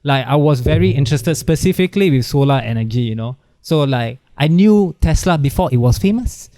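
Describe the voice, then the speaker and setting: A man's voice: fairly high pitch, expressive, fairly quick, warm tone, no echo. A young man, a podcast guest talking in a rambling, casual way full of "like" and "right", recorded over a video call. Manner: rambling, many "like" and "right" fillers. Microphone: video call over the internet.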